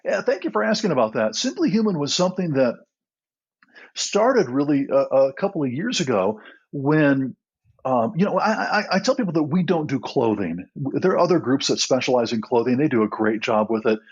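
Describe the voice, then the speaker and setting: A middle-aged man, guest on a podcast, telling a story earnestly with frequent restarts and soft laughs. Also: mid-range voice, sing-song, normal speed, husky, muffled recording. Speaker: guest, nonprofit co-founder.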